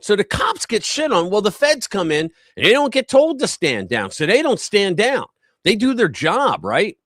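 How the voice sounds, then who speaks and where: A male live-stream host breaks down the news in a blunt, heated, profane way. His pitch sits high and swings widely. The sound is close and dry, with no room echo. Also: sing-song, normal speed, a bit bright.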